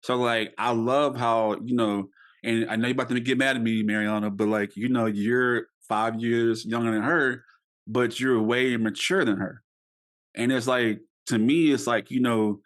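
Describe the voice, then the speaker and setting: A young man hosting a podcast, talking casually and rambling with many fillers and restarts. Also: mid-range voice. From United States. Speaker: podcast host.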